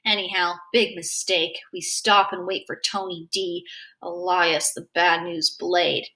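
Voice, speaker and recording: A woman reading a novel aloud, telling a first-person story in a lively, expressive way. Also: lowish voice, a little slow. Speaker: reader.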